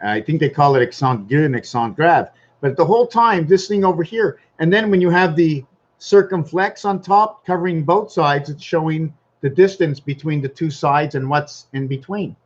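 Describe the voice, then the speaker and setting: A man's voice: a little high, lively intonation, moderate pace, highs cut off. A man rambling in a casual vlog monologue at home, thinking aloud and wandering from topic to topic. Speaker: vlogger.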